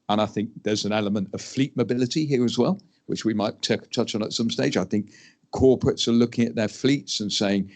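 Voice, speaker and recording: A lower-pitched man speaking on a conference panel. He talks in a measured, emphatic way and slips into little quoted voices to make his points. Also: a little mellow. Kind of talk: panel discussion.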